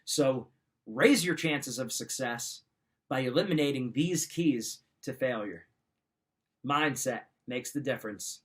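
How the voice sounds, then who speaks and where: A man's voice: medium pitch, lively intonation, slow, fairly bright tone. A middle-aged man coaching listeners in an emphatic, direct motivational talk. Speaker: wrestling mindset coach.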